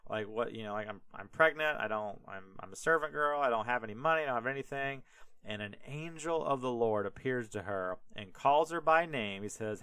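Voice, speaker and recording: Bright, crisp-voiced irreverent podcast guy. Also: medium pitch, animated, a little fast, no echo. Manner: irreverent, rambling, many fillers. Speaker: podcast host. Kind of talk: casual podcast chat retelling scripture.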